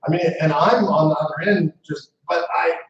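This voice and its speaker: A man's voice: on the high side, normal speed, gravelly, far from the mic. A man giving a storytelling speech to a live audience as founder of a movement, speaking conversationally with asides to the crowd. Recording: echoey room mic heard from afar, muffled.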